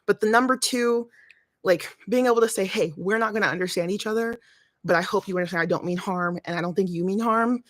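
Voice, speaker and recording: A woman's voice: medium pitch, no room sound. Woman, casual livestream host, chatty, slightly breathless, dry close sound. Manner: chatty, thinks aloud, restarts often. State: short of breath. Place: family home.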